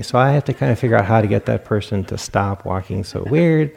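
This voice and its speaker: Low gravelly guy giving a meditation talk, mellow and easygoing, kinda chuckly. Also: moderate pace. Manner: relaxed, reflective storytelling with self-amused laughs. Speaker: meditation teacher. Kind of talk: dharma talk at a retreat. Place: meditation hall.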